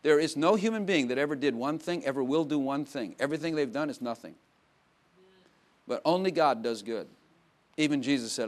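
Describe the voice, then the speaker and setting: A man preaching a sermon in a conversational way, dropping to quiet asides and rising to loud emphatic bursts, with frequent laughs. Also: mid-range voice, normal speed. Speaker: pastor.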